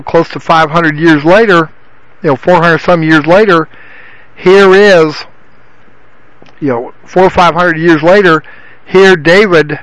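A man's voice: fairly high pitch, fairly bright tone, dry recording, low-quality recording. A man giving an informal Bible teaching in a rambling way, with frequent restarts and filler phrases. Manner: rambling, repeats himself with many restarts and "you know".

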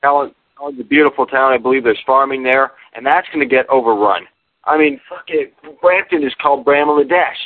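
A man calling in, talking in a rambling, halting way with many fillers. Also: medium pitch, no room sound. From Canada. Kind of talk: casual call-in chat. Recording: dry tinny phone line.

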